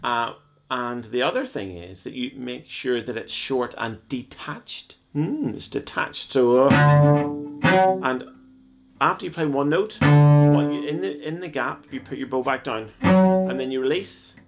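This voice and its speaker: A man's voice: medium pitch, measured pace, loud music behind the voice. A man teaching cello in a video lesson, explaining step by step in a chatty, joking way.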